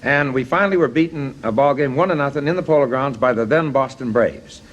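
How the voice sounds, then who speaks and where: A middle-aged man, a baseball manager and guest on a TV talk show, telling blunt, jokey anecdotes in animated chat. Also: medium pitch, a little fast, muffled recording.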